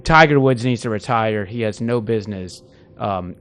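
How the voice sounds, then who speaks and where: A man's voice: on the low side, moderate pace, a bit bright. A man hosting a casual podcast interview, enthusiastic and rambling, often restarting his sentences. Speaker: podcast host. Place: indoor podcast studio.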